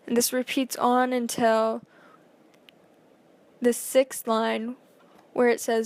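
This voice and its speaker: A woman's voice: a little high, little pitch movement, takes it slowly, gravelly, pauses often, a little mellow. A woman reading a school presentation aloud, carefully and with small slips and fillers.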